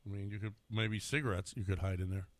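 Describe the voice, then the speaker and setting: A man's voice: lowish voice, fairly even intonation, fast talker, no room sound. A man co-hosting a sports radio show, teasing his co-hosts with wry remarks in casual banter.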